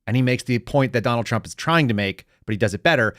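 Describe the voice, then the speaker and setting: An opinionated middle-aged man hosts a casual podcast, joking as he goes. His voice sits at an ordinary pitch and is recorded close and dry, with no room echo. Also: lively intonation, fairly bright tone. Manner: opinionated, joking, does quick mocking voices. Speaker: podcast host. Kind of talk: casual political commentary.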